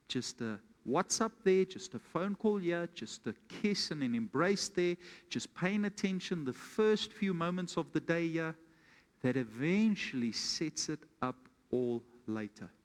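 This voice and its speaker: A man preaching from the pulpit, his voice a touch higher than most men's. He keeps asking the congregation questions and acts out a homely example story. Long reverb from the church hall trails after every line. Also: expressive, unhurried. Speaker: pastor. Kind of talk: sermon.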